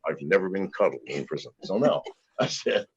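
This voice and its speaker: Very deep husky man telling profane stories. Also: fairly quick, dull audio. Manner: profane, rambling anecdotes with chuckles. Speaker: interview guest. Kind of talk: storytelling in casual conversation.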